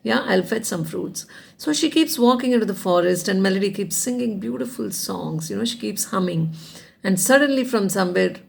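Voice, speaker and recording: A woman's voice: mid-range voice, creaky, slightly rough. A woman casually telling a folk tale, conversational and full of "you know" asides. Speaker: storyteller. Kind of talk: casual oral storytelling.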